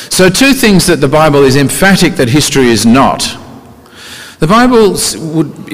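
Male preacher, conversational sermon delivery, rhetorical questions, mid pitch, hall reverb.

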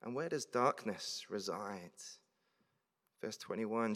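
A man's voice: lowish voice, a little slow, fairly bright tone. A man preaching a sermon, reading scripture verses aloud and then explaining them in a conversational way. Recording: long reverb of a large hall.

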